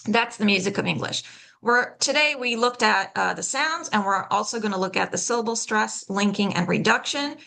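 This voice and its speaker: Woman instructor with a bright, slightly gravelly voice, patient and explanatory, modeling words slowly. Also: medium pitch. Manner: patient, explanatory, checks in with frequent "okay?"; demonstrates sounds slowly and deliberately. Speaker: pronunciation workshop instructor. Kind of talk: live online workshop teaching.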